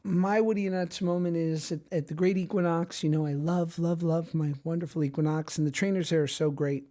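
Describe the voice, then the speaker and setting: A man's voice: on the high side, fairly even intonation, dark tone. A man co-hosting a casual comedy podcast, telling a playful story about a gym trainer. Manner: storytelling, playful, quick to laugh. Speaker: podcast co-host.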